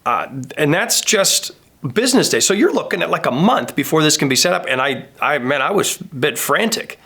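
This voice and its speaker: In a casual, story-driven sermon, a thirties-aged pastor acts out the people he quotes. His voice runs on the high side and is expressive, creaky, bright and forceful with a slight roughness, delivered at a normal speed.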